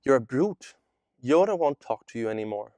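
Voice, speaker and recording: A man reading aloud the lines of a chatbot that poses as a Jewish boy from Odessa, in a flat, evenly read delivery. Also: medium pitch, moderate pace, dry recording, close to an everyday voice. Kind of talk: reading a chat transcript aloud.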